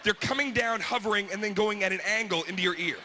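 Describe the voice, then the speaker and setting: A male stand-up with a slightly high, bright voice tells a crude, exasperated story. Faint noise hangs behind him. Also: fast, big-room sound. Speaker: stand-up comedian. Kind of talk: stand-up comedy set.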